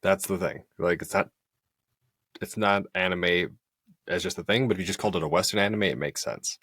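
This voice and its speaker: A man's voice: deep voice, brisk, husky, dry recording, clean studio sound. A man co-hosting a podcast, chatting animatedly and acting out quotes. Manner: animated, quotes people in put-on voices, laughs. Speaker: podcast co-host. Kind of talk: casual chat.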